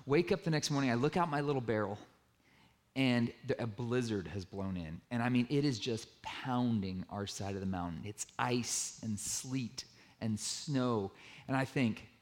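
A man giving a sermon-style personal story to a room, lively and self-mocking, acting out the dialogue. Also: mid-range voice, measured pace. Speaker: speaker telling a personal story to an audience. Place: room with a live audience.

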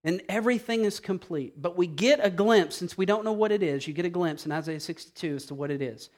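A male pastor delivers a sermon in a casual, chatty way, mixing scripture with humorous asides. His voice rides slightly above the usual male pitch. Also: fast. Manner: conversational preaching, asides and humor.

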